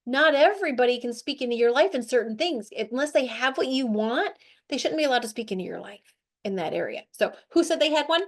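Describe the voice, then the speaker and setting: High, animated woman host. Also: brisk. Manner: animated, chatty, with lots of "like" and "right?". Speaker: weight-loss show host. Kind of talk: motivational group talk.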